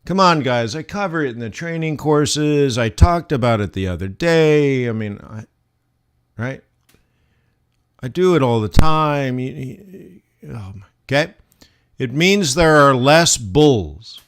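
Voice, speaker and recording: Slow-talking man teaching live forex. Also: mid-range voice, expressive, clear, resonant tone. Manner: conversational, rhetorical questions to viewers. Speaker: forex trading instructor. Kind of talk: live-stream trading lesson.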